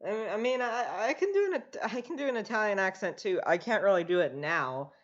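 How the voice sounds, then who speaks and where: A woman's voice: mid-range voice, expressive, fairly quick. A woman giving casual, giggly reaction commentary with playful jokey asides. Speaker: reaction video host. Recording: dull lo-fi audio with faint music.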